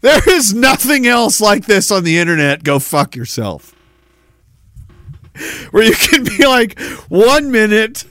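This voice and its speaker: A man's voice: high-pitched, sing-song, slow, fairly bright tone, dry recording. A man hosting a podcast in casual chat, rambling, swearing freely and joking darkly. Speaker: podcast host.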